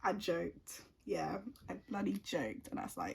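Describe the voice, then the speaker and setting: A woman's voice: fairly low pitch, very animated, moderate pace, vocal fry, hardly any pauses, breathy edge. A young woman telling a personal story at home in a chatty, casual way, full of "like" fillers. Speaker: vlogger.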